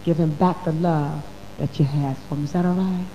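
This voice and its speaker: A woman preaching a sermon to her congregation in church, dropping to a hush and then rising loud, calling her listeners baby and honey. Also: sits low, steady tone, moderate pace, long reverb tail, low-quality recording. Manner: swoops from hushed to loud. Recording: faint hum on an old recording.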